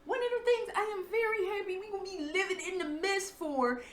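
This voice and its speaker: A young American woman casually telling a story at home, profane and animated, acting out the people she quotes. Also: very high voice, a little fast, reverberant. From United States. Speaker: vlogger. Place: her apartment.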